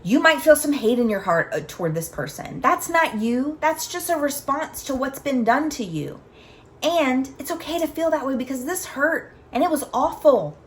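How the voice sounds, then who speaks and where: A woman's voice: sits high, expressive, normal speed. A woman in her thirties or forties hosting a solo podcast, talking candidly and earnestly through personal stories. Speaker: podcast host. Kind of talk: reflective solo talk on self-acceptance.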